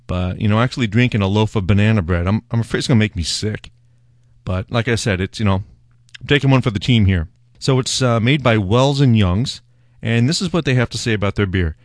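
A man's voice: fairly low pitch, brisk, dry recording, studio quality. A man hosting his own beer show, talking casually in a rambling, wry, self-mocking way as he tastes a beer. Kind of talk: casual solo beer-tasting talk.

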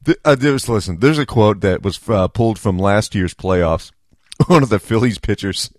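A man's voice: on the low side, animated, moderate pace, no room sound, clean studio sound. A man hosting a podcast in a chatty casual monologue, laughing often. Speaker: podcast host.

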